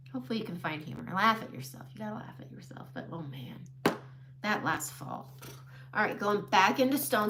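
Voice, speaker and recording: A woman's voice: fairly high pitch, fairly bright tone, a little hiss or hum. A middle-aged woman chatting casually through a makeup tutorial, self-deprecating and laughing often. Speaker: makeup live-stream host.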